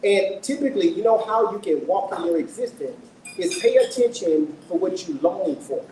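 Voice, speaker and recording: At his book launch, a middle-aged man with a high-pitched, warm voice and lively intonation speaks at a moderate pace. He tells an audience a personal story earnestly and emotionally, asking them questions. The event room is echoey, his voice is distant, and there is faint noise.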